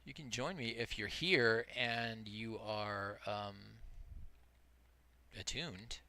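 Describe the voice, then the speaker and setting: A man's voice: fairly low pitch, steady tone, takes it slowly, bright, forceful tone. A middle-aged man giving casual, rambling gameplay commentary as a streamer, explaining tactics as he plays and poking fun at himself. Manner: rambling, explains tactics while playing, self-deprecating. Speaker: multiboxing game streamer.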